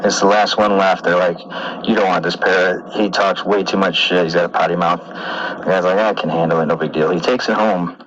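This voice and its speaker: Loud deep-voiced man telling a joke. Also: fairly even intonation, fairly quick, lo-fi sound. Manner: loud, punchy joke delivery. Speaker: caller.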